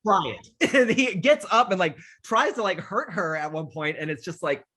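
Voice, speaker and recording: A young man hosting a casual film chat, rambling and animated, swearing freely and acting out scenes he loves. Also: sits high, normal speed. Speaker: podcast host.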